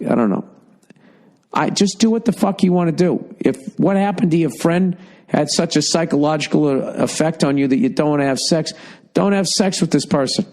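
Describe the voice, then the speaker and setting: A man's voice: mid-range voice, darkish tone. A middle-aged man from the United States hosting a podcast, answering listener mail in a blunt, profane, rambling rant. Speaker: podcast host. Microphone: podcast mic.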